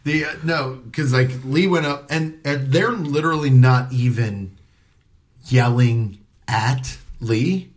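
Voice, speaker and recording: A man's voice: mid-range voice, takes it slowly. A comedian telling a story in casual chat. He acts out the voices of people he quotes and swears freely.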